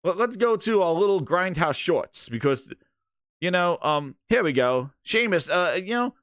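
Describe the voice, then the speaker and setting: A man's voice: high-pitched, lively intonation, measured pace, fairly bright tone, no room sound, clean studio sound. A man hosting a gaming channel, doing crude, joking commentary.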